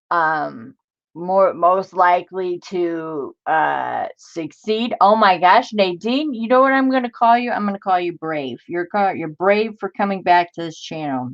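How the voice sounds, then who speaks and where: Her pitch is fairly low and her pace slow, with a fairly bright tone muffled by the recording. She hosts a crafting livestream, making casual talk, reading old-style text aloud, fumbling tricky words and exclaiming incredulously.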